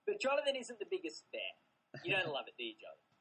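A man's voice: sits high, wildly swooping pitch, fast talker, pushed and bright, poor audio. A man co-hosting a film podcast, chatting enthusiastically and rambling. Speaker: podcast co-host. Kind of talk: casual chat.

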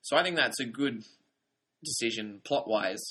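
A young man co-hosting a TV review podcast, easygoing and quick to laugh. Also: mid-range voice, lively intonation, sharp tone. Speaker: podcast co-host. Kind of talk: casual TV review chat.

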